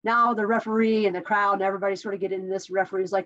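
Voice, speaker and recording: A woman's voice: mid-range voice, fairly even intonation, rapid-fire, a bit bright. A woman giving a conversational coaching tip as a mindset coach, telling stories and asking rhetorical questions. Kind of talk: talking-head coaching tip. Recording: dull lo-fi recording.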